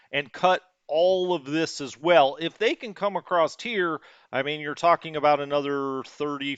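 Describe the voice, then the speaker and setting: A man with a fairly high, smooth and resonant voice talks through a strategy game on his stream, musing aloud with plenty of fillers and restarts. The sound is dry and close, a little dull in the top end, like a home streaming setup. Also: fairly bright tone, no room sound. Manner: musing and thinking aloud, with many fillers and self-corrections. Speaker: host. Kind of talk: casual strategy game commentary.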